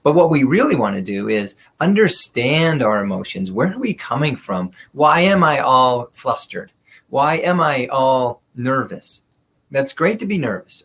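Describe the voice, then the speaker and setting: A middle-aged man coaching an audience on leadership, speaking bluntly and directly. His voice has a husky edge and sits at an ordinary pitch for a man. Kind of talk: workshop talk.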